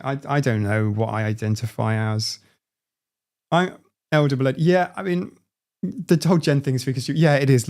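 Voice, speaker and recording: A man in his forties hosting a casual live stream, reading out viewer comments and talking in halting bursts full of restarts. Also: medium pitch. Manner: halting, frequent restarts and self-interruptions.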